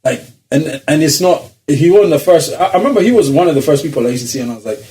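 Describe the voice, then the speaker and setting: Guy on a podcast, quick lively storytelling, slightly high voice, keeps laughing. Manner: animated storyteller, acts out voices, laughs often. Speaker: podcast co-host. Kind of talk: casual storytelling chat.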